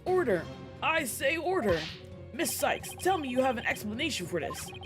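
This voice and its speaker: A woman's voice: high-pitched, very animated, normal speed, voice pushed up. A woman voicing a flustered older male judge who keeps calling for order in exasperation, over game music. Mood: exasperated.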